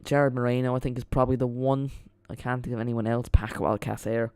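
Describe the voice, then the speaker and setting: Guy rambling on his live stream, chatty, reacting to chat and the game, mid-pitched voice. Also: level tone, quick pace, a little mellow, clean tone. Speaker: streamer hosting a live football watchalong.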